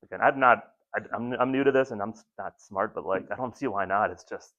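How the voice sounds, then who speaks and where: A man's voice: on the low side, brisk, a bit bright. A man giving a casual training lecture to ambulance crews, rambling and self-deprecating, with lots of ums and restarts. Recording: muffled lo-fi recording.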